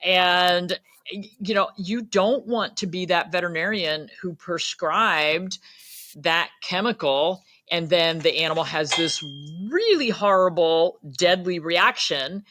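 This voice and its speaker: A middle-aged woman veterinarian hosting a podcast, speaking in a steady, measured way. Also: fairly low pitch. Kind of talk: conversational podcast interview.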